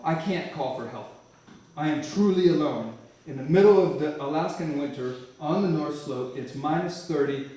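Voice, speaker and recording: A man telling his life story from the church floor, vivid and animated, often breaking off to restart a phrase. His voice sits a little high for a man. A very echoey hall carries it to a mic some distance away. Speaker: church speaker giving a testimony. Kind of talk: storytelling sermon testimony.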